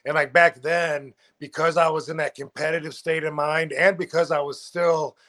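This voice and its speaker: A man's voice: a little high, little pitch movement, normal speed, fairly bright tone. A man of about fifty chatting as a podcast guest, rambling with many fillers and restarts. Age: 50s. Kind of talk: casual podcast chat.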